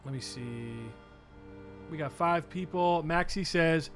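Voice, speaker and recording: A man's voice: fairly high pitch, slow, fairly bright tone, soft background music. A man co-hosting a casual podcast while playing a game, joking around and slipping into silly voices for bits. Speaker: podcast co-host. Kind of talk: casual chat while gaming.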